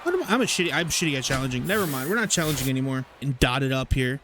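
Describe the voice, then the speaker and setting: A young man casually commentating his baseball video game, rambling, swearing and getting excited over plays. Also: medium pitch, rapid-fire, background noise. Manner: chatty, rambling, profane, excitable. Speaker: gaming YouTuber. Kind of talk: casual let's-play commentary.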